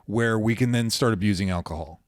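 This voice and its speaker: A man's voice: on the low side, fairly quick, dry recording, clean studio sound. A man co-hosting a faith and psychology podcast, a therapist who chats casually, jokes and rambles. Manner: joking, rambling with restarts. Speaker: podcast co-host, marriage and family therapist.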